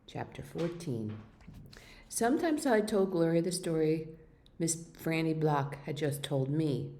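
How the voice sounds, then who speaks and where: A woman reads a children's novel aloud with steady, expressive storytelling. Her voice sits low and sounds mellow and warm. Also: measured pace. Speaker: reader.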